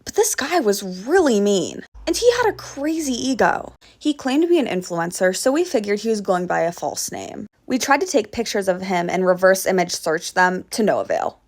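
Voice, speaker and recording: A young woman telling funny stories in a casual storytime style, with animated, exaggerated reactions. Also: mid-range voice, moderate pace, few pauses.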